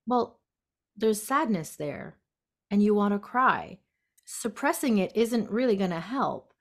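A woman guest on a podcast, gently explaining step by step how to handle anxiety, acting out the inner voice. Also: mid-range voice, lively intonation, a little slow. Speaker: guest, intuitive health practitioner. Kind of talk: casual podcast conversation. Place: sunroom at home.

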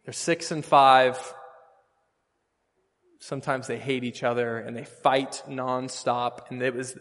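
A pastor preaching a sermon, earnest and storytelling, with emphatic bursts. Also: male voice, medium pitch, fairly even intonation, takes it slowly, fairly bright tone, long reverb tail.

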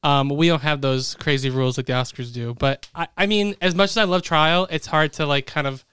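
A man's voice: on the high side, a little fast, bright, forceful tone, smooth, no room sound. A young man co-hosting a casual podcast, playful, laughing often as he reads out award nominees. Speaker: podcast co-host announcing awards.

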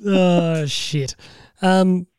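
A man's voice: high-pitched, fairly even intonation, extremely slow, darkish tone, smooth, no echo. An Australian man hosting a podcast over a video call, talking casually and animatedly, laughing often and swearing now and then. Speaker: podcast host. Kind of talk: casual chat.

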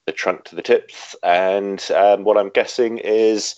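A deep-voiced man talks through listener photos on a casual podcast, thoughtful and descriptive. The sound is dull and dry, with no room echo. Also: steady tone, unhurried, darkish tone, clear, resonant tone. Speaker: podcast co-host reviewing photos.

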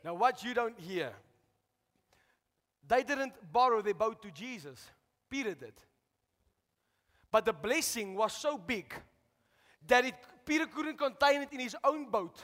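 A man preaching a sermon as pastor, shouting out to the congregation and asking for responses. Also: extremely high pitch, animated, a little slow, long pauses. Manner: preaching with rising shouts and call-outs to the congregation. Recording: long hall reverb.

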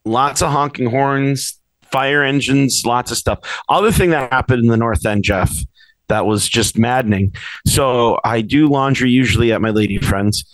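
A man chats on a podcast, recounting a story with lively exasperation and putting on the voices of the people involved. His middle-pitched voice sounds dry and close. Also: normal speed, dry recording, poor audio. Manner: animated storyteller, acts out quotes with rising exasperation. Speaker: podcast co-host. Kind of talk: casual chat. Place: apartment in the city.

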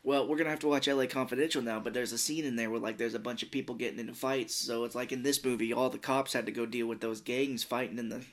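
A man co-hosting a casual movie podcast, chatting and acting out scenes in quick put-on voices. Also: medium pitch, steady tone. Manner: jokey, acts out movie lines in quick voices. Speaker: podcast co-host. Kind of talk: casual movie review chat.

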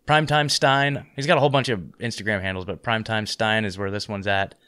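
A man's voice: lowish voice, fairly even intonation, fast, sharp tone, smooth. Easygoing male host, casual filler-heavy chat, clean resonant tone. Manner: laid-back, filler-heavy, friendly. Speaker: podcast host.

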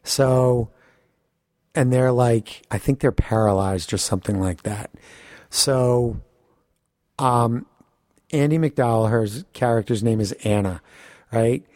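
A man co-hosting a podcast, telling a story in casual chat, animated, swearing and laughing often. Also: medium pitch, slow pace, pauses often, no echo, clean studio sound. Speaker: podcast co-host.

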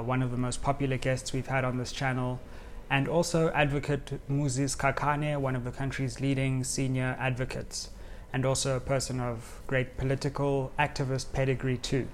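A man's voice: mid-range voice, little pitch movement, normal speed, a little hiss or hum. A man hosting a podcast, giving an upbeat introduction. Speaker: podcast host.

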